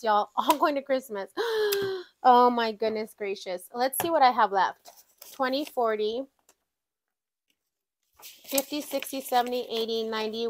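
Excitable lady counting money at home, high-ish voice, keeps saying y'all. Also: a little hiss or hum. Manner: excitable, exclaims often, says "y'all". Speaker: budgeting vlogger. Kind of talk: casual chat while counting cash.

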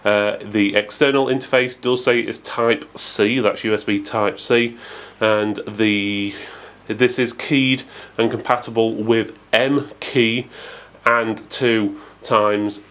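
A man's voice: on the low side, steady tone, slow pace, a bit bright. A man giving a methodical, matter-of-fact product review with frequent fillers. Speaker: tech reviewer.

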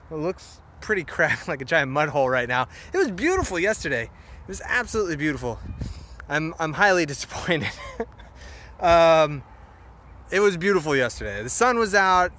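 A man's voice: on the high side, bright, forceful tone, a little hiss or hum. A young man vlogging outdoors at a muddy wildlife preserve, a little out of breath, talking into a phone held at arm's length, rambling and frustrated, then wistful. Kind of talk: casual outdoor selfie vlog.

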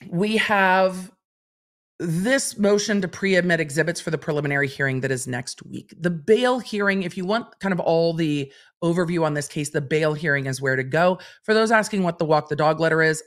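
A woman's voice: lowish voice, expressive, moderate pace, fairly bright tone. A woman hosting a livestream, reading court documents aloud and commenting on them in a chatty, wry way. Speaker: legal commentator host.

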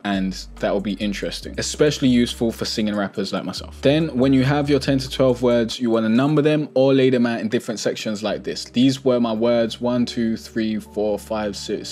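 A young man hosting a music tutorial, explaining in a relaxed, chatty way and correcting himself as he goes. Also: on the low side, normal speed, hardly any pauses. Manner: relaxed, chatty, self-correcting, plugs own products.

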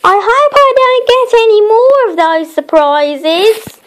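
A woman voicing an excitable, easily startled male storybook character with a squealing, high-pitched voice. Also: measured pace. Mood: fretful.

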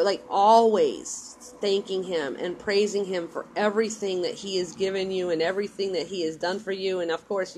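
Earnest low-voiced woman giving religious advice. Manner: earnest, repetitive, insistent. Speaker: mother. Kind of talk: casual religious advice vlog.

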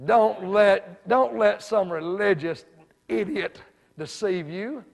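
A man preaching a sermon in a church, folksy, dropping to hushed asides and rising to shouts. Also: high-pitched, slow pace, creaky. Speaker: evangelist preacher. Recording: reverberant hall.

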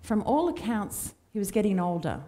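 Woman preaching, dark mellow voice. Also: mid-range voice, big pitch swings, moderate pace. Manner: conversational, warm storytelling with acted quotes. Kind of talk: sermon. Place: church.

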